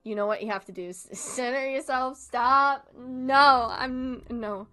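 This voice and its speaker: A woman's voice: on the high side, moderate pace, fairly bright tone. A young woman streamer in casual chat, rambling, giggling often and swearing freely.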